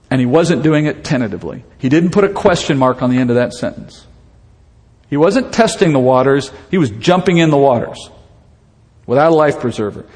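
A man's voice: on the high side, darkish tone. A man preaching a sermon in a conversational, storytelling way, asking rhetorical questions as he goes. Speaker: pastor. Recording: long reverb of a hall.

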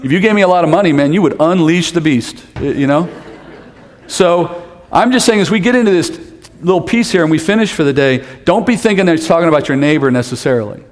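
A man's voice: on the high side, fast. A man preaching a sermon as pastor, in a conversational style with humor and asides. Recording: long hall reverb.

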